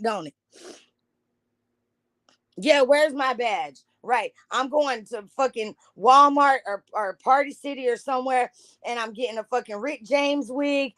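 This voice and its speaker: A woman's voice: on the high side, a bit bright, no room sound. A woman from Jacksonville, reacting to a news clip in a blunt, heated, profane rant. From Jacksonville, Florida.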